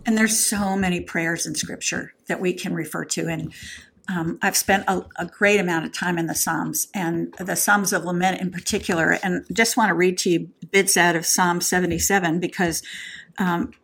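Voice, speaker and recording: A woman's voice: fairly low pitch, fairly even intonation, normal speed, vocal fry, a bit bright, husky. A woman co-hosting a podcast, speaking openly and personally about her experiences, with fillers and restarts. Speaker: podcast co-host. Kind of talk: candid conversational podcast talk.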